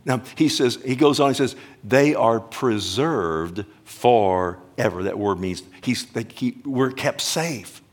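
An older man preaching a sermon as pastor, emphatic and deliberate, swinging between hushed lines and booming ones, drawing out key words. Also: lively intonation. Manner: slow, drawn-out phrasing on key words.

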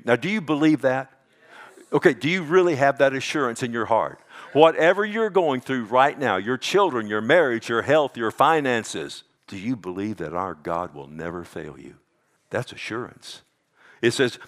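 A male pastor preaching a sermon with passion, dropping to hushed whispers and rising to loud emphasis. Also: medium pitch, sing-song, normal speed.

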